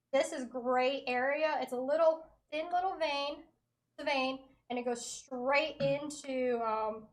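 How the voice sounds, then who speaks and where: A woman in casual chat, patiently explaining hospital procedures in medical terms. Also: high voice.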